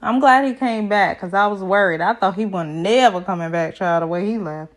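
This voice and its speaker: A woman's voice: mid-range voice, a little fast. A woman recapping a reality show in a sassy, chatty way, full of slang asides. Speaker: TV recap vlogger.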